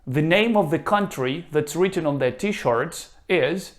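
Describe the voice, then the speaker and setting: A man teaching a reading lesson, pronouncing each word slowly and leaving gaps for the listener to repeat. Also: on the high side, animated. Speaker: Russian language teacher. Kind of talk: slow, careful language lesson.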